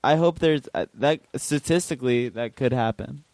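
A man's voice: medium pitch, a little mellow, no room sound. A man guest on a podcast, improvising in casual banter and repeating himself as he goes. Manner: halting, repeats words when improvising.

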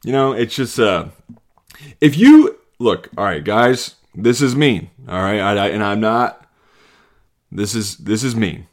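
A man in his thirties hosting a solo podcast from his basement. He rants and jokes, jumping from loud mocking bits to low muttered asides. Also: a little slow. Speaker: podcast host. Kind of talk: solo comedic rant. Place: home basement.

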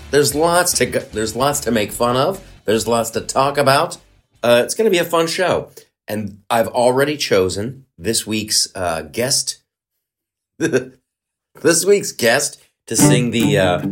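A man's voice: mid-range voice, big pitch swings, slow. A man hosting a comedy podcast in a rambling, joking monologue full of asides. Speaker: podcast host. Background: faint guitar.

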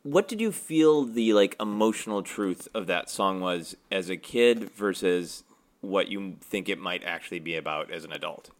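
A man's voice: deep voice, expressive, normal speed. A man hosting a podcast, asking questions with a wry, joking manner. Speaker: podcast host. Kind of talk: casual interview chat.

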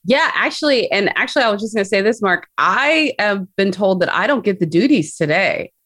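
A woman's voice: mid-range voice, lively intonation, brisk, fairly bright tone, dry recording. A woman co-hosting a podcast, teasing and chatting in a bubbly way with lots of fillers. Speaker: podcast co-host. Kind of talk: casual podcast chat.

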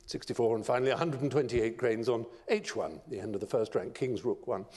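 A man giving a lecture, telling stories in an expressive, theatrical narrating style. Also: mid-range voice. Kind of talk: dramatic storytelling lecture. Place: large lecture hall. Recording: long reverb of a large lecture hall.

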